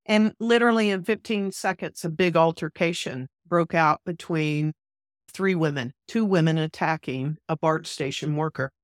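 An earnest woman minister retells a personal story for an interview, voicing the dialogue as she goes. Her voice sits fairly low, and the recording is dry and close with no room sound. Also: normal speed, dry recording. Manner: animated, vivid retelling that acts out quoted dialogue. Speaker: podcast guest.

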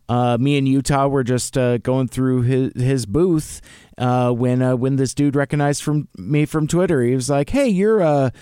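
A man's voice: medium pitch, darkish tone, smooth, no room sound, clean studio sound. A middle-aged man hosting a podcast, chatting casually and rambling with lots of fillers and restarts. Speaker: podcast host. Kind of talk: casual chat.

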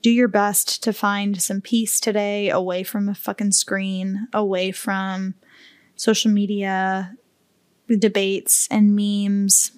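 A woman hosting a solo podcast, talking slowly and candidly with open emotion and casual swearing. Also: mid-range voice, little pitch movement, smooth, no echo. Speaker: podcast host. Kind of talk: heartfelt solo podcast talk.

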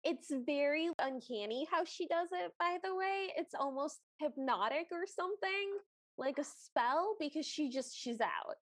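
A woman co-hosting a podcast, recapping a film in an unhurried storytelling way. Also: high-pitched, lively intonation, fairly bright tone, dry recording. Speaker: podcast co-host. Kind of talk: casual recap chat.

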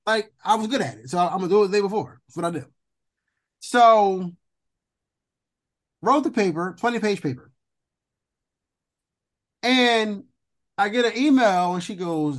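Young man, co-host; loose, profane, animated storyteller with a somewhat high voice. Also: fairly quick, long pauses. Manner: animated, profane, jumps high in pitch when indignant. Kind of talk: casual storytelling chat.

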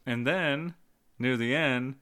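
A man's voice: medium pitch, slow, sharp tone, smooth. A man in casual chat about a video game, joking, swearing and acting out quotes. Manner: profane, jokey, acts out quotes.

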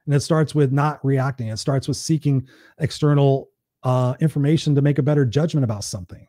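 A man's voice: medium pitch, steady tone, a little fast, dark tone, no room sound, studio quality. Blunt, swearing man on a live stream. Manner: blunt, swears freely, preachy and conversational. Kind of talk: motivational live-stream talk.

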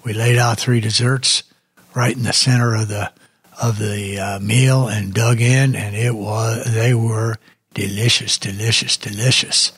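Gravelly, raspy older man hosting a music show. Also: on the low side, flat delivery, unhurried, a bit bright, no echo. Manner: rambling, chatty, wanders off on tangents. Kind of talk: casual radio show chat.

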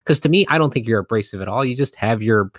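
A man's voice: medium pitch, animated, quick pace, no echo. A man hosts a podcast in a loose, rambling chat, often laughing and leaning on "like" as a filler. The sound is dry and close, with no room around it. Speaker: podcast host. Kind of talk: casual chat interview.

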